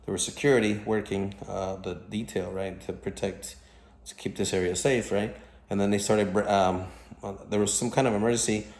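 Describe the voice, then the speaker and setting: Deep-voiced man rambling in an echoey room. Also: darkish tone. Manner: halting, many fillers and restarts. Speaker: vlogger recounting dreams. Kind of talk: casual rambling monologue.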